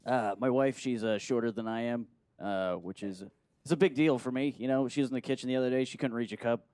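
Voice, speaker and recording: A man's voice: mid-range voice, steady tone, quick pace, darkish tone, clean tone, dry recording. Hesitant man doing open-mic stand-up, dry sound. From Phoenix, USA. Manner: hesitant, full of uhs, laughs nervously. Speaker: comedian.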